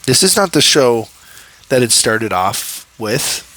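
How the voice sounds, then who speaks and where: A man's voice: mid-range voice, sing-song, slow, sharp tone, low-quality recording. A young man talking through a show episode by episode in a loose, casual way. He rambles, trips over his words and restarts, and laughs often along the way. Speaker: host reviewing a show. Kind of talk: casual commentary.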